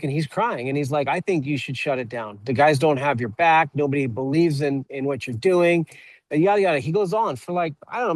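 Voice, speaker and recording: A man who owns an auto repair shop, speaking as a guest on a webinar and telling a story in a halting way, often repeating words as he starts a sentence. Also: mid-range voice, dry recording, rough recording. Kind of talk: conversational storytelling.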